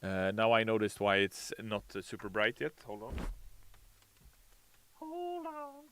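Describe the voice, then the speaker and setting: A man in a sleepy, relaxed live-stream chat, answering viewers with many hesitations and reading their messages aloud. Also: on the low side, moderate pace, a little hiss or hum. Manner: reads chat messages aloud in a brighter, louder voice; relaxed, hesitant with frequent uh fillers.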